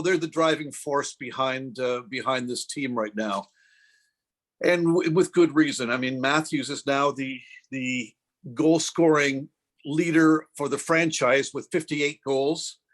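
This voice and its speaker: A man's voice: medium pitch, fairly bright tone. A middle-aged man casually telling a self-deprecating story as a podcast co-host, acting out the voices of the people in it. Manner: anecdotal, self-deprecating, acts out quoted voices.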